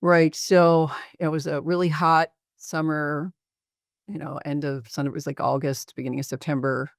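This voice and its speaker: A middle-aged man, a psychiatrist, presenting a patient case in a webinar in a measured, reflective way with frequent pauses. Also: a little high, little pitch movement, gravelly, no room sound, clean studio sound.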